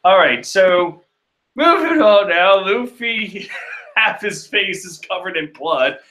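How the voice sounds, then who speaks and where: A man's voice: sits high, takes it slowly, roomy sound, slight background noise. A young man casually reading a comic chapter aloud and reacting with joking asides. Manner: animated, joking, chuckling asides. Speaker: comic reader and reviewer.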